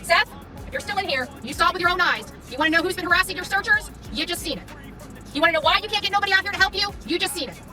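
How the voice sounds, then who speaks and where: A live streamer in a very high voice rants quickly and combatively from her car in traffic, heatedly confronting someone and repeating her taunts. Her intonation is lively, pushed and bright, and she sits a little back, far from the phone's mic. Clear music plays behind her during this angry live-stream rant.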